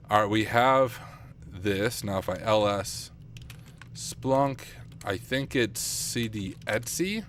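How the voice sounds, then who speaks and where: A young penetration tester streams from his home computer room at night, musing aloud as he works, chatting with viewers and teasing himself over his errors. His fairly low, fairly bright-toned voice has grown rough from long streaming. Faint typing and slight background noise reach his desk mic.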